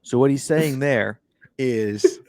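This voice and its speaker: A man's voice: fairly low pitch, moderate pace, no echo, studio quality. A man co-hosting a sports podcast, talking in a laid-back, wry way and reading quotes aloud. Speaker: podcast co-host. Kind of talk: casual sports chat.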